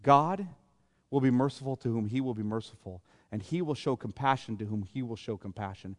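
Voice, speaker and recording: A man's voice: mid-range voice, fairly quick, long reverb tail. A man preaching a sermon as a pastor, explaining scripture in plain, conversational paraphrase. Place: church sanctuary.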